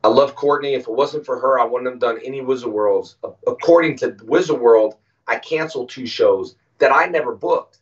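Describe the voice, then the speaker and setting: A man as an interview guest, telling stories casually and acting out quoted lines with animated voices. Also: medium pitch, brisk. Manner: animated, acts out quoted dialogue. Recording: distant, muffled audio.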